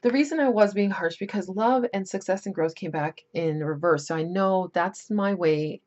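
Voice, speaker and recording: A woman's voice: on the low side, moderate pace, darkish tone, lo-fi sound. A woman giving a casual tarot reading, chatty and rambling, with emphatic warnings. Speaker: tarot reader.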